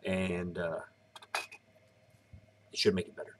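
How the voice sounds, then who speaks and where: A man's voice: sits low, completely flat delivery, slow pace, a bit bright. A tired man in his thirties chatting casually on a live stream, rambling as he explains each step. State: tired, yawning.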